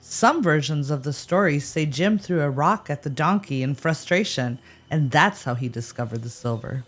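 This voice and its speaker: A woman's voice: low voice, lively intonation, moderate pace, slight background noise. A woman co-hosting a podcast, telling a history story with playful, jokey asides. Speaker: podcast co-host. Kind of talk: scripted podcast banter.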